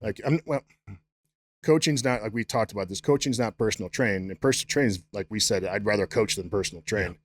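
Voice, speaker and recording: A man's voice: fairly low pitch, quick pace. A man, a strength coach guest on a podcast, telling profane, loose stories about his football coaches. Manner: profane storytelling with acted-out quotes. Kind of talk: casual chat.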